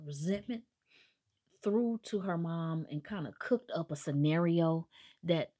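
A woman with a low voice gives a casual, chatty recap of a book. She drops sarcastic asides and briefly acts out what the characters say. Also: darkish tone, slightly rough. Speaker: book reviewer.

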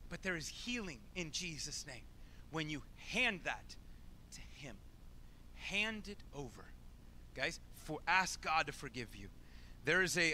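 A man delivering a sermon in a high, very bright voice. He is emphatic and informal, throws rhetorical questions at his listeners and repeats key phrases for effect. A faint noise sits under his voice. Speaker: preacher.

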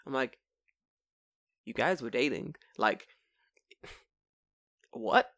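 A man's voice: mid-range voice, drawn-out words, vocal fry. A young man co-hosting a casual podcast, telling stories with lots of swearing and mocking quoted voices. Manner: swearing, animated storytelling with mocking put-on quotes. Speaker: podcast co-host. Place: living in Japan.

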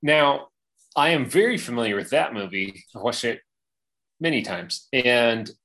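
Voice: medium pitch, expressive, measured pace, fairly bright tone. A podcast cohost chatting casually, giving short agreeing replies.

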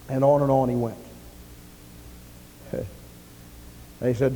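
A man preaching a sermon in a church, acting out dialogue dramatically and swinging between loud declarations and hushed lines. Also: mid-range voice, flat delivery, slow pace, pauses often, long reverb tail, low-quality recording. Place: church sanctuary.

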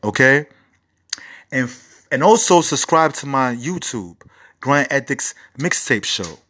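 A man's voice: mid-range voice, animated, takes it slowly, sharp tone. A man in his forties hosting a casual music review show, rambling and profane with enthusiastic asides. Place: home recording setup.

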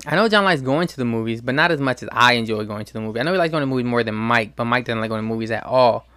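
A man's voice: mid-range voice, lively intonation, very fast, pushed and bright, no echo. A young man hosting his own show, talking casually in a slangy, profane, ranting way. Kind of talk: casual monologue.

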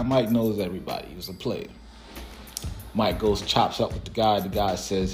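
A man's voice: on the low side, moderate pace, soft background music. A man casually telling a profane, laughing story about a friend and his first car. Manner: profane, laid-back and laughing.

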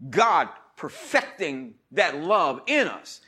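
Animated preaching man with bright, lively voice. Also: fairly high pitch, takes it slowly, husky. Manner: animated preaching, swings from loud shouts to murmurs; leads the congregation in call-and-response. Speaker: pastor. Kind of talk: sermon.

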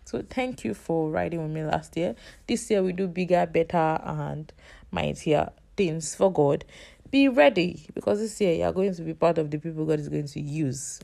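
A woman's voice: low-pitched, normal speed, vocal fry, dark tone. A woman hosting a casual faith-based podcast, chatty and self-teasing, her voice a bit off today. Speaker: podcast host.

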